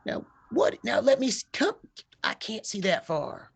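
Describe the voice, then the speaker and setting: Man playing a gravelly, worn-out old mother healer for a tabletop game, voice pitched way up. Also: very animated, measured pace, full character voice. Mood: coaxing. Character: weary old woman healer, motherly and stern.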